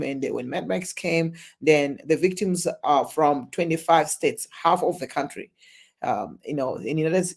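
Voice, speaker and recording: Casual live stream reaction: the host talks slowly and haltingly, restarting sentences over and over, then breaks into loud exclamations while reading viewer chat aloud. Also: medium pitch, creaky.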